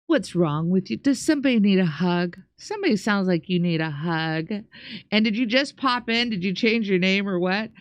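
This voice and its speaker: A woman's voice: medium pitch, animated, normal speed, dry recording. A middle-aged woman co-hosting a live stream, reading viewer chats in a chatty, exasperated, then friendly way. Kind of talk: casual live-stream chat.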